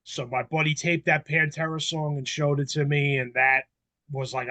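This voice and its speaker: A man in his forties on a panel, telling stories in a casual, animated way, acting out voices and swearing freely. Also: a little high, normal speed, dry recording. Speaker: panel member. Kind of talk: casual storytelling chat.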